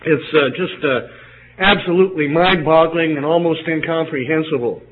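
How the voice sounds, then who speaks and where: Older male preacher on a tinny recording. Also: a little high. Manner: halting, many uh fillers and restarts. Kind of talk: sermon. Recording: phone-like lo-fi recording with faint hiss.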